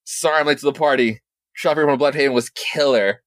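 Excited man rambling a comic recap. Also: mid-range voice, a little fast, dry recording. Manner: excited, rambling, swears a lot, many restarts. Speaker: podcast co-host. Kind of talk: casual comic book recap.

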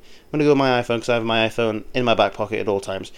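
A man's voice: on the low side, rapid-fire, smooth. A man co-hosting a casual podcast, telling stories about caddying with frequent laughs and restarts. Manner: rambling, laughs often, restarts sentences. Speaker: podcast co-host, golf caddie. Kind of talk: casual chat.

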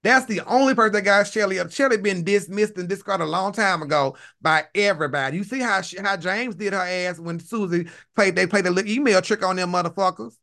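A man hosting a livestream, chatting in an animated, profane way and laughing often. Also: high voice, brisk, creaky, few pauses. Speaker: livestream host. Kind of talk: casual commentary chat.

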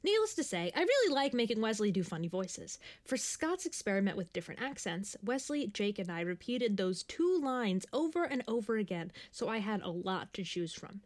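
A woman's voice: medium pitch, sing-song, moderate pace, hardly any pauses, a little mellow. A woman who created the show, narrating a scripted introduction with dry, wry humor.

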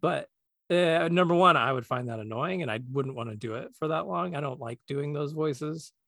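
A man's voice: on the high side, moderate pace, gravelly, no echo. Laid-back man, dry podcast voice. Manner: relaxed, thinks aloud with filler words like "like" and "um". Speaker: podcast co-host, voice actor. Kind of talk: casual podcast chat.

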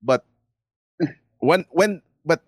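A man co-hosting a casual sports talk, animated and chuckling as he asks. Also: a little high, extremely slow, dry recording, clean studio sound. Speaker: podcast co-host. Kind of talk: casual interview chat.

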